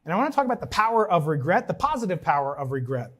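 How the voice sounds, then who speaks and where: A man in his forties or fifties from Long Island, giving a commencement speech with joking asides and halting restarts. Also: a little high, very animated, fairly bright tone. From New York, Long Island. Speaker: commencement speaker. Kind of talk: ceremonial speech. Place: large ceremony venue.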